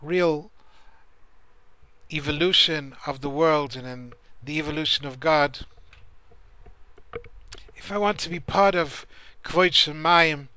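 Teaching a Torah class, this man speaks in a fairly high, pushed, bright voice, slowly and with long pauses. His manner is earnest and searching, and he often restarts sentences while telling stories.

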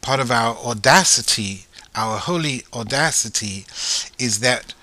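A man teaching Torah in a lively way, asking his listeners rhetorical questions. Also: medium pitch, unhurried, dry recording. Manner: animated, asks rhetorical questions.

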